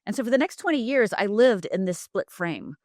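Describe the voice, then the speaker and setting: A woman's voice: medium pitch, big pitch swings, a little fast, no echo, clean studio sound. A middle-aged woman from Upper Michigan, a life coach and guest, telling her story candidly and vividly, acting out the lines of the people in it. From Upper Michigan, USA. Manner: vivid, dramatic retelling with acted-out quotes.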